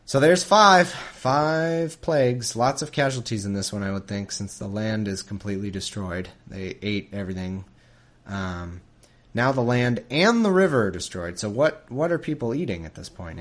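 A man's voice: lowish voice, lively intonation, moderate pace, fairly bright tone. A man hosting a casual podcast, reading scripture aloud and commenting on it in a sarcastic, exasperated way. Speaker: podcast host.

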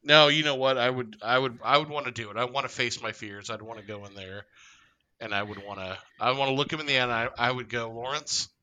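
A man with a very bright, forward voice chats casually on a comedy podcast. He plays things deadpan and mock-serious, even when the story is silly. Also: mid-range voice, fast. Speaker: podcast co-host.

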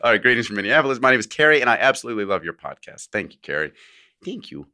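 A man's voice: on the low side, very animated, racing, bright, forceful tone. A man co-hosting a podcast, chatting casually and reading a listener's letter aloud with joking asides and frequent laughs. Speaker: podcast co-host.

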